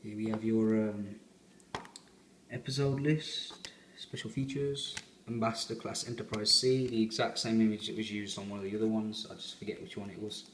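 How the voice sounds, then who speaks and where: A man's voice: lowish voice, steady tone, normal speed, echoey room, a little hiss or hum. A man giving a rambling, chatty fan review as he unboxes a collector's set.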